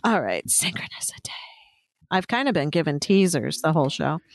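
A woman's voice: low voice, animated, a little fast, creaky, no echo, studio quality. A woman co-hosting a podcast in casual chat, teasing her friend, laughing a lot and reading out horoscopes. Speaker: podcast co-host.

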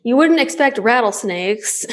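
A woman telling a story in a casual interview, laughing often and acting out her own shouting. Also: on the high side, expressive, unhurried. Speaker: guest.

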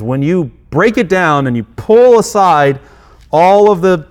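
A middle-aged man, preaching a sermon in a relaxed, self-deprecating way, with acted asides and frequent restarts. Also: fairly high pitch, normal speed. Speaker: pastor.

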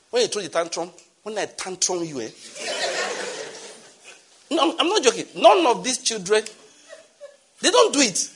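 A middle-aged man preaching a sermon as pastor, animated, swinging from loud exclamations to soft asides. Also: sits high, breathy edge.

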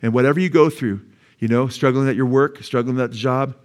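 A male pastor preaching a sermon to his congregation, telling a story with rising excitement and a voice that climbs high when moved. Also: fairly quick. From United States. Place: church sanctuary.

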